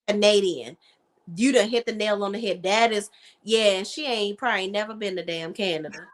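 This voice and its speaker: A woman's voice: mid-range voice, normal speed. Woman host, casual reality TV chat, blunt and profane, easy laugh.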